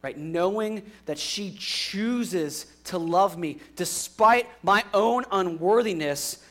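A young adult man preaching a sermon in an earnest way, moving from emphatic lines to quiet, hushed ones. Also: high-pitched, takes it slowly. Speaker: pastor.

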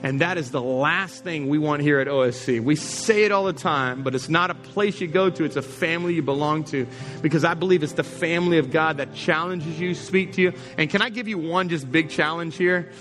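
Male pastor, fairly high voice, punchy sermon delivery with repeated lines, soft music under. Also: a little fast. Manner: emphatic, repeats key lines, acts out quoted people. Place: church service.

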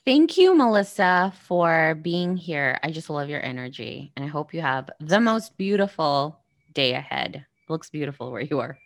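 A woman's voice: sits low, normal speed, fairly bright tone, no room sound, studio quality. A woman hosting a podcast who speaks in a gushing, thankful way while interviewing her guest and signing off. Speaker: podcast host. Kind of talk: interview and outro.

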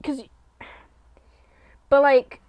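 A young woman hosting a casual solo podcast, talking bluntly and profanely in a rambling rant that jumps between loud outbursts and low mutters. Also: extremely slow, no room sound. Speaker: podcast host.

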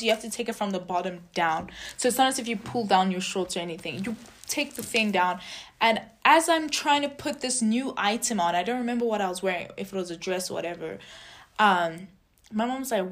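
A young adult woman telling a personal story in a casual vlog, chatty and animated, acting out quoted dialogue. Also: medium pitch, brisk. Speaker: vlogger.

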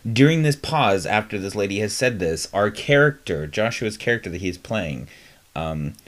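Male podcast co-host, low voice with lively swings, chatty and rambling. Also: moderate pace. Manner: animated, laughing, rambling with fillers. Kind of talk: casual chat.

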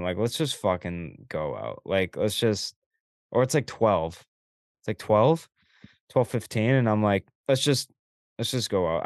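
A man's voice: fairly low pitch, a little mellow, smooth, no room sound, studio quality. A young man co-hosting a podcast, telling stories in casual chat, acting out quoted dialogue and swearing freely. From Canada. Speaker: podcast co-host.

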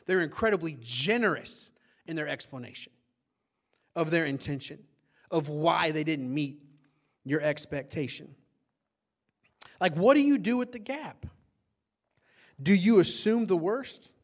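A middle-aged man preaching a sermon, telling a story from his own marriage with animated energy. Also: fairly high pitch. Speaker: pastor.

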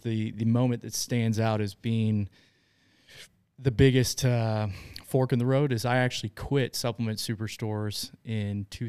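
Chatty man with a low, smooth, dry voice. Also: a little mellow, no room sound. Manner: chatty, laughs often while telling stories. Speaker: business owner, guest. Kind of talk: casual storytelling in an interview.

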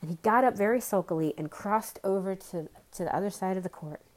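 A woman's voice: medium pitch, fairly quick, rough recording. A woman reading a classic children's novel aloud chapter by chapter, slipping in casual asides to her listeners. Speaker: storybook reader.

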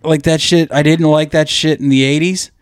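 A man's voice: fairly high pitch, fairly even intonation, normal speed, smooth, no echo, studio quality. Profane, rambling man on a podcast. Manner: profane, rambling, jokey, laughs often. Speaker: podcast co-host. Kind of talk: crude casual comedic banter.

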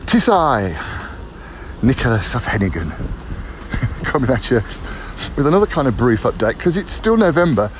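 Theatrical male vlogger walking city streets, mid-pitched, jokey, faint street hum behind. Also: very animated, normal speed, long pauses. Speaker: writer and pub crawl founder. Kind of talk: walking vlog update.

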